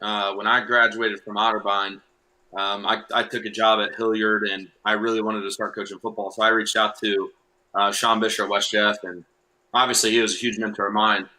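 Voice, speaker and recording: A young adult man, a football coach, explaining plays in a relaxed podcast chat with many fillers. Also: fairly low pitch, moderate pace, rough recording. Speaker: high school football coach. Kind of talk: casual podcast interview.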